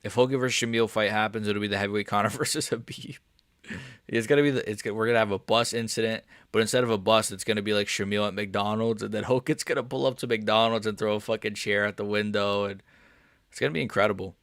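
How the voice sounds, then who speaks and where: A young man reacting live to fights on a stream, excitable and swearing, swinging from mumbling asides to yelling. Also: lowish voice, fast talker, no echo, studio quality.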